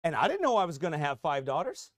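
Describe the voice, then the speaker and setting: A middle-aged man, a pastor preaching a fiery, combative sermon that rises to shouts. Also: a little high, big pitch swings, quick pace, dry recording, clean studio sound. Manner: combative, mocking, repeats phrases, rising to shouts.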